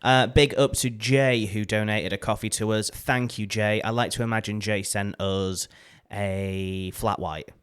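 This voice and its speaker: A man's voice: fairly low pitch, fairly even intonation, a little slow, hardly any pauses, clean tone. A man co-hosting a podcast in casual chat, bantering playfully and teasing his co-host.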